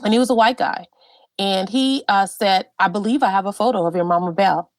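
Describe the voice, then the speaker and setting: A middle-aged woman, animated and heartfelt, telling personal family stories with many fillers. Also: mid-range voice, brisk, dry recording. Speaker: guest genealogist. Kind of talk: personal storytelling.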